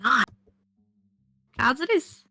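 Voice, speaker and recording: A woman's voice: high-pitched, big pitch swings, slow pace, gravelly, pushed and bright. A woman playing a tabletop game, bantering in a playful, teasing and profane way. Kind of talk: casual in-character banter.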